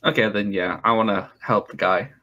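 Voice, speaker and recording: A man's voice: lowish voice, moderate pace, pushed and bright, highs cut off. A man playing in a tabletop game, stammering a little and firing off questions. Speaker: player.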